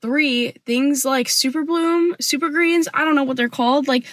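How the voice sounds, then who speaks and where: Young woman, sassy rant, animated, filler-heavy, fairly high voice, dry close sound. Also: moderate pace, dry recording. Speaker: vlogger. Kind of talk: casual opinion rant to camera.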